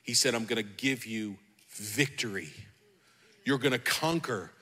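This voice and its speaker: A man's voice: medium pitch, unhurried, pushed and bright, slightly rough, long reverb tail. A man preaching a sermon as pastor, fervent and repetitive, calling out to the congregation.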